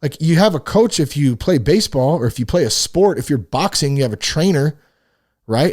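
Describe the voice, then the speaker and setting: A man hosting a casual solo podcast, reading a list of tips and commenting on each one in an animated, profane, buddy-like way. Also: fairly high pitch, normal speed. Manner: animated, swearing, talks to listeners as "dude". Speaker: podcast host.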